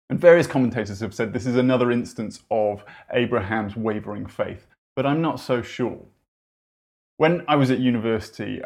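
Male preacher, gravelly texture, mid-pitched, earnest and conversational with dry humor. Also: a little mellow. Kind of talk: sermon.

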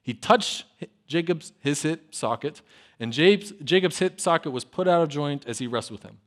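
A man with a fairly high voice preaching a lively sermon. He swings from loud, emphatic lines to quiet asides and tells the old story with casual humor. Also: moderate pace. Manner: acts out biblical dialogue with conversational humor. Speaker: pastor.

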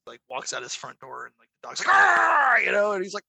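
Bright-voiced animated man telling stories. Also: medium pitch, quick pace, creaky. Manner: animated storyteller, imitates barking dogs. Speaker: podcast guest. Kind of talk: casual chat.

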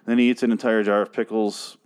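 A man's voice: fairly low pitch, flat delivery, brisk, a little mellow, clear, resonant tone. Annoyed guy ranting on his podcast, cussing, sarcastic and fed up. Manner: profane, exasperated, sarcastic. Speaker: podcast host reviewing a TV show. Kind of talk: ranting solo podcast review.

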